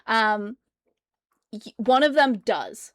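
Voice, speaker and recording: Woman game master, slow deliberate delivery, dry close sound, vivid storyteller. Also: fairly high pitch, animated, fairly bright tone, no room sound. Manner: vivid narration with sound effects and laughter. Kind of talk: narrating a tabletop game.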